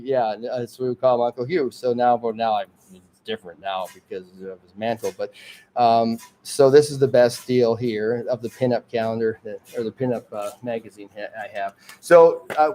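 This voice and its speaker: A man's voice: mid-range voice, darkish tone. A man from the Detroit area hosting his own homemade magazine show, rambling through tangents with frequent chuckles and restarts. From Detroit area, Michigan. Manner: digressive, chuckling often, trailing off and restarting. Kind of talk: rambling casual monologue.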